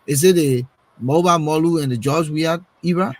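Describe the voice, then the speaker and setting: A fairly high-pitched, slightly mellow male voice comes through a low-quality recording at moderate speed. Debating politics casually on a talk show, he pushes rhetorical questions and repeats words as he gropes for what to say next.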